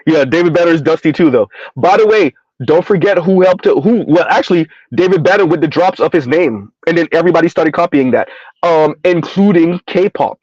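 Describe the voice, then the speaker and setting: Brief: middle-aged man, high voice, comic rant, dull dry lo-fi sound. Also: a little fast, darkish tone, no room sound. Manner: repeats a punchline word with a high sing-song lift, laughing often. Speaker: commentary vlogger. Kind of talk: casual comedic rant.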